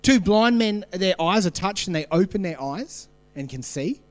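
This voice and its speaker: A man's voice: high voice, lively intonation, moderate pace, big-room sound. Australian male pastor telling stories. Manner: conversational storytelling, asks the congregation questions. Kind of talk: sermon.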